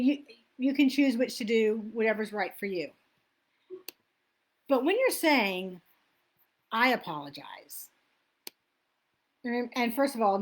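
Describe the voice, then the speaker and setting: Self-help coach, woman, middle-aged; loose, chatty delivery that wanders and self-corrects. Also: mid-range voice. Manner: chatty, loses her place and laughs at herself. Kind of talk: casual teaching talk.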